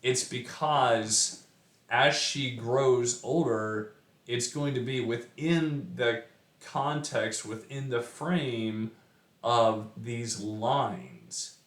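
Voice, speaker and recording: A man talks through a poem like a relaxed teacher, chatty and full of asides and fillers. His voice sits in the middle range and is heard in a roomy space with a clear echo. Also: medium pitch, extremely slow. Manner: conversational, chatty with fillers and frequent "right?". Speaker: poetry teacher. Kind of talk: casual explanatory lesson.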